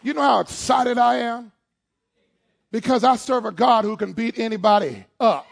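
A man preaching a sermon as pastor, leading call-and-response, shouting at peaks, then dropping to low asides and joking with the congregation. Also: moderate pace, creaky. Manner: playful, jokes with the congregation.

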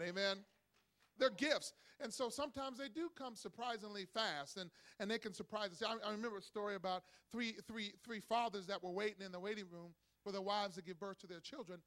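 Middle-aged male pastor, high and bright voice, energetic sermon delivery with call-and-response. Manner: energetic preacher calling for congregation responses; acts out voices in a joke with rising excitement. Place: church.

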